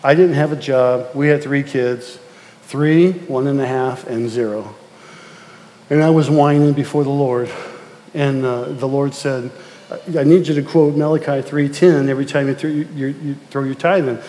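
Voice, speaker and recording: A man's voice: mid-range voice, steady tone, moderate pace, dark tone. A middle-aged man preaching a sermon as pastor, telling family stories and repeating words as he builds to emphatic exhortation. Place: church sanctuary. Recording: long reverb of a church hall.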